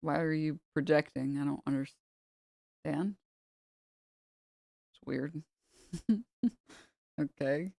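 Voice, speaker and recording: A woman's voice: slow, gravelly, long pauses, darkish tone, no echo. Female streamer, sarcastic and profane, dry close sound. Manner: sarcastic, mocking, breaks into high laughter. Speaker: live streamer. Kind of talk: casual stream rant.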